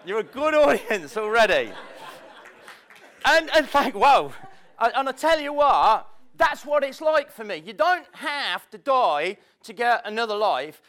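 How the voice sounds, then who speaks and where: In a very high, sing-song voice that's a bit bright, a man delivers a chatty motivational talk at a measured pace. Self-mocking and given to spontaneous storytelling, he speaks to a seminar room audience whose laughter can be heard.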